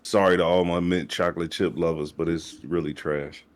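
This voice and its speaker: A young man co-hosting a podcast, teasing his friend and joking in relaxed, slangy talk. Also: sits low, moderate pace. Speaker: podcast co-host. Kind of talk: casual reaction chat.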